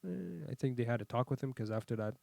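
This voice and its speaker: A man's voice: medium pitch, fast talker, vocal fry, no room sound. Guy in his 30s swearing his way through wild stories, dry close sound. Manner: profane, animated storyteller. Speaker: podcast guest. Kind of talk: casual chat.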